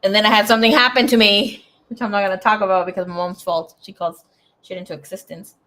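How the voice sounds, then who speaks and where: A young woman giving a casual live tarot reading, rambling through personal asides with plenty of swearing and sudden swings between loud bursts and quiet mumbling. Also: mid-range voice, fairly even intonation, quick pace. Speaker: tarot reader.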